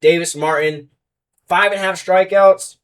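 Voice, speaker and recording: A young man hosting a sports betting podcast sounds far from the mic, his high voice steady and smooth in tone. He rants heatedly about baseball fans, swinging quickly between loud outbursts and muttering, before running through his picks.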